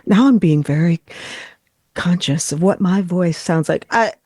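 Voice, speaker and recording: A woman from western New York hosting a podcast in casual chat, animated and slipping into voices as she tells stories. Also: lowish voice, unhurried, slightly rough, dry recording, clean studio sound. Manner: animated, slips into voices when telling stories. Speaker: podcast host.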